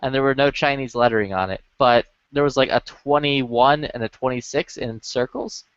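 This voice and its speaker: A man's voice: medium pitch, moderate pace, clean tone, no room sound. Casual male chatter, swears freely and fills with "like", dull lo-fi chat audio. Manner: profane, rambling, many filler "like"s. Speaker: lobby chat regular.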